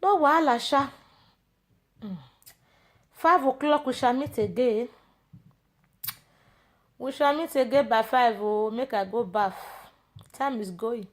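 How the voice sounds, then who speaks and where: A woman with a Nigerian Pidgin English accent delivers a casual, rambling rant, mocking a rival she is confronting while chatting with her viewers. Her voice is fairly high, she speaks slowly, and she pauses often.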